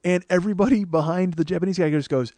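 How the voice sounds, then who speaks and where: A man in his forties hosts a comedy podcast, delivering a profane comic story as a monologue and acting out its characters. His voice is high-pitched and a little mellow, he talks fast, and the recording is dry.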